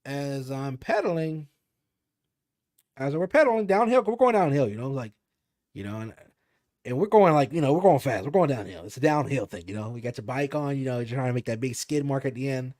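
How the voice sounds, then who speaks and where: A man's voice: medium pitch, lively intonation, fairly quick, a little mellow. A young man on a podcast, telling a spooky story casually with lots of fillers and swearing. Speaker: podcast co-host.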